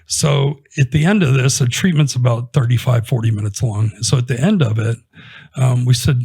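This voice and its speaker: A man with a husky, mid-range voice speaks at normal speed during an interview, casually telling a story about a patient. His retelling is conversational and animated, with the conversations quoted as he goes.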